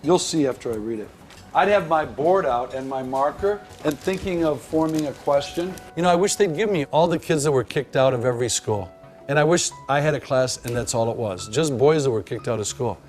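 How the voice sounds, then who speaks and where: A man's voice: medium pitch, fairly quick, faint music behind. A man who teaches elementary school, talking frankly and with energy about his class. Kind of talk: documentary interview and classroom teaching.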